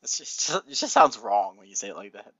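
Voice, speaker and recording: A man's voice: fairly low pitch, wildly swooping pitch, fairly quick, pushed and bright, breathy edge, dry recording, dull audio. Sarcastic man reading fan fiction aloud. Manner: sarcastic, laughing commentary. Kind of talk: reading with joking asides.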